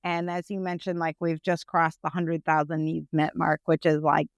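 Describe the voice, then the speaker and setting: A woman, a nonprofit founder, telling her personal story to an interviewer in a frank, animated way, often checking in with "right?". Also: low voice, normal speed, vocal fry, clear, resonant tone, no room sound.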